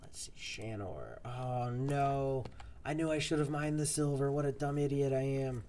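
A man's voice: medium pitch, unhurried, warm tone, a little hiss or hum. A man streaming a game, chatting casually and rambling to his viewers as he plays. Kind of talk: casual gameplay commentary.

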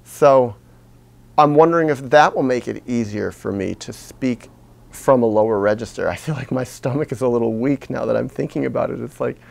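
Man, gravelly voice, middle pitch, slow halting reflective monologue to camera, pushed low from the chest. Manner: slow, halting and self-searching, deliberately speaking low from the chest. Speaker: video blogger. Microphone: camera he is sitting in front of.

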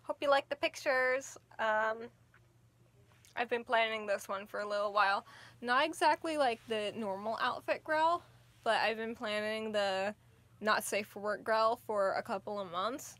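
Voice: mid-range voice, measured pace, pushed and bright. A cosplay vlogger talking casually at home while setting up a photoshoot, speech slightly slurred by costume fangs, tired from an early start and laughing often. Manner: chatty, laughs often, trails off. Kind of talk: casual vlog chat.

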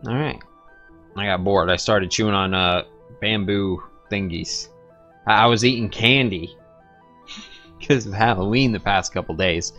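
A man's voice: unhurried, pauses often, fairly bright tone, lo-fi sound, soft background music. A young man rambling casually through gameplay commentary, joking and going off on tangents. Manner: rambling, joking, talks to his pets in a squeaky baby voice. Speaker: gaming streamer.

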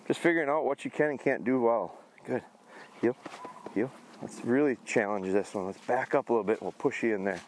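A middle-aged man training a hunting dog outdoors, explaining his approach in a relaxed way between short commands. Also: fast, few pauses, slight background noise. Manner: high excited praise to the dog. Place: outdoors in a field.

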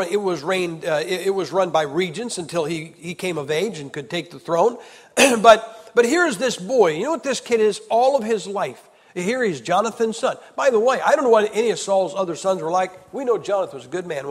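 A male evangelist preaching a sermon in a high, ringing voice, the sound carrying a long reverb from the hall. He keeps asking rhetorical questions and moves from loud, driving declarations to quiet storytelling. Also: slightly rough. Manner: emphatic, rhetorical questions, swings from loud to hushed. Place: large church hall.

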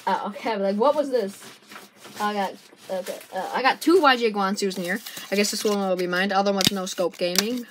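A woman casually chatting through an unboxing, excitable and rambling as she thinks aloud, recorded on a camera's built-in mic. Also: mid-range voice. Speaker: vlogger unboxing puzzle cubes. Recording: noisy amateur camera recording.

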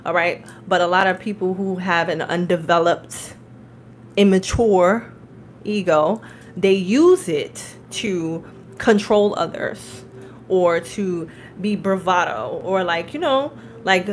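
A woman's voice: lowish voice, slow, rough recording. Chatty lady doing a tarot reading, keeps saying okay and all right, lots of laughing, a little noise behind. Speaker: tarot reader and spiritual coach. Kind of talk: casual tarot reading with storytelling.

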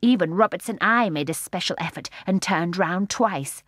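A woman narrating a children's storybook aloud in a measured, expressive way. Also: lowish voice, no echo, studio quality. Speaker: audiobook narrator. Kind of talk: scripted narration.

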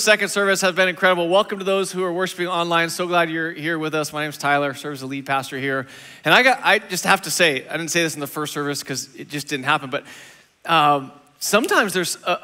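Bright, high-voiced energetic male pastor. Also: in a large hall. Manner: energetic, conversational preaching. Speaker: lead pastor. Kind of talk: sermon. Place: church sanctuary.

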